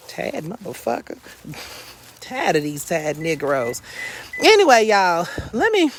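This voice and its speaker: Brash and profane, a woman rants her way through a comedic story for her vlog, recorded outdoors on a suburban street. Her delivery jumps between booming outbursts and quiet muttering.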